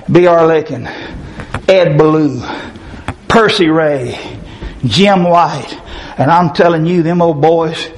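A high-voiced preacher, a middle-aged man, delivers a fiery revival sermon. He shouts in sudden high bursts, then drops into low, gruff stretches of talk. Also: poor audio.

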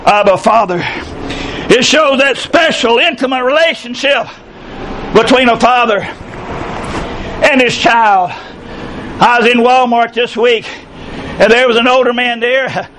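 A man in his sixties preaching a sermon, often breaking into passionate shouted emphasis. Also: very high-pitched, measured pace, pauses often, slight background noise, rough recording. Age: 60s. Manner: impassioned, bursts into shouting emphasis.

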